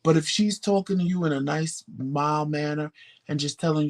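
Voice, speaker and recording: A man co-hosting a podcast, telling stories in casual chat, animated and profane, acting out the voices of people he quotes. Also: on the high side, moderate pace. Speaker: podcast co-host.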